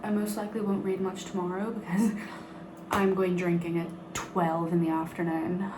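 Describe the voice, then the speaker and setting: A woman's voice: lowish voice, flat delivery, normal speed. Young Northern Irish woman, chatty book vlogger, swears freely; echoey room, background noise. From Northern Ireland. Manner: chatty and giggly, swears freely, talks in bursts. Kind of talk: casual chat to camera. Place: bathroom at night.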